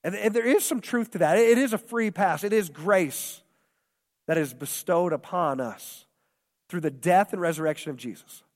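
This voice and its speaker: A man's voice: sits high, normal speed. A man preaching a sermon as pastor, impassioned and repetitive, acting out quoted voices. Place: church hall. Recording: long hall reverb.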